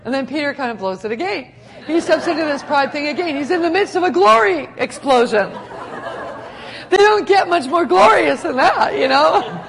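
Gravelly, animated woman preaching. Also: high voice, moderate pace, a faint crowd. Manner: animated, laughing, acts out scenes. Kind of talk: sermon.

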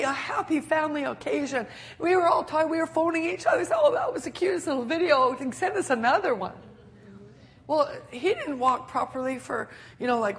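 Older woman, preacher, high-pitched, animated sermon, frequent laughter. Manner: animated, laughing often, acting out quotes.

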